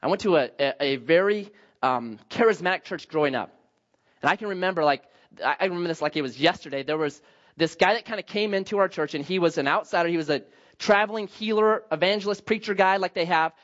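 A man's voice: high voice, fast, a bit bright, lo-fi sound. A man preaching a sermon as pastor, telling stories with self-mocking jokes. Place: church sanctuary.

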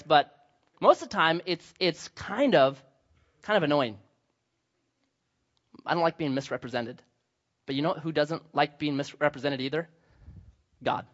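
Animated high-voiced young male pastor. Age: young adult. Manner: storytelling, acting out voices with humor. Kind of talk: sermon. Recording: slightly dull lo-fi sound.

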